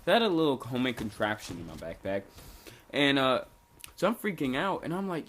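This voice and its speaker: A man's voice: medium pitch, big pitch swings, a little fast, fairly bright tone. A young man casually telling a story from his school days, rambling and slangy with lots of fillers and restarts. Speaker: storytelling vlogger.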